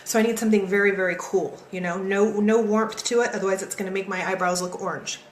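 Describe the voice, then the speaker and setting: A woman hosting a live makeup tutorial, chatty and energetic, talking straight to her viewers. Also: mid-range voice, fast talker, roomy sound, background noise. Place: home, in California.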